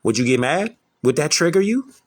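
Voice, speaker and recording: A man's voice: a little high, sing-song, normal speed. A man lecturing his audience in an emphatic, preachy way, repeating rhetorical questions. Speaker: online lecturer. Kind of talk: preachy commentary to camera.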